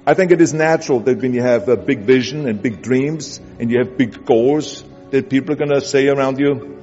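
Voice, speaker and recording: A man's voice: medium pitch, moderate pace, a little mellow. A man with a German accent giving an emphatic, repetitive motivational speech that urges the listener on. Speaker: motivational speaker. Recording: dull audio with long hall reverb. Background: music bed.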